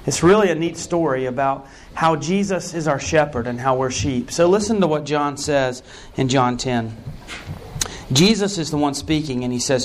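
A man's voice: on the high side, normal speed, a little hiss or hum. A man preaching a sermon as a pastor, telling stories in a conversational way with earnest emphasis.

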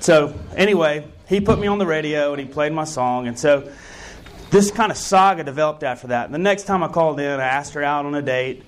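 A male pastor delivers a sermon, moving into personal stories conversationally and pressing his points with earnest emphasis. His voice is a touch high for a man, and he speaks briskly.

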